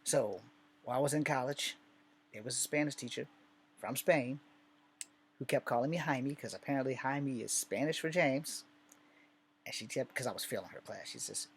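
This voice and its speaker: A man's voice: medium pitch, moderate pace, a little hiss or hum. A man from Virginia telling personal stories in a candid, rambling and profane way, in a casual vlog.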